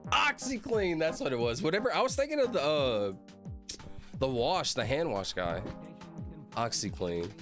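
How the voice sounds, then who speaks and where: A man's voice: a little high, big pitch swings, normal speed, music in the background. A man chatting casually on a livestream, rambling, laughing often and apologizing a lot to his chat. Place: at his computer streaming.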